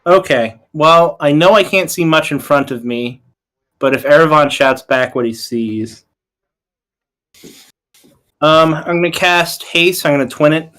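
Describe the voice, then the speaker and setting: A man's voice: on the high side, unhurried, long pauses, a bit bright. A man playing a tabletop game, casually rambling through rule explanations with lots of fillers. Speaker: player.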